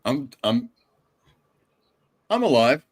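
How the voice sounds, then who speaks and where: A man's voice: mid-range voice, sing-song, takes it slowly, slightly rough. A man hosting a casual live stream, telling a story and acting out the people in it. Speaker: host.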